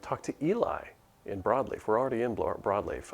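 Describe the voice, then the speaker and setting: A man's voice: fairly low pitch, expressive, fairly quick, vocal fry. A man streaming a game, giving casual commentary and muttering through quest text aloud. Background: faint music.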